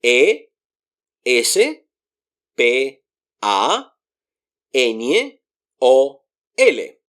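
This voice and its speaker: A man's voice: mid-range voice, wildly swooping pitch, fairly bright tone. A man teaching a beginner Spanish lesson, patiently spelling words letter by letter and explaining pronunciation. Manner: spells words slowly letter by letter and repeats them.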